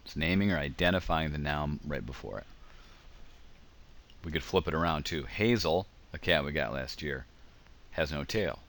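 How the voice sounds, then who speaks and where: A man's voice: rumbling low, lively intonation, moderate pace, long pauses, fairly bright tone. A man giving a casual grammar lecture over slides, explaining with examples and frequent ums. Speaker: teacher.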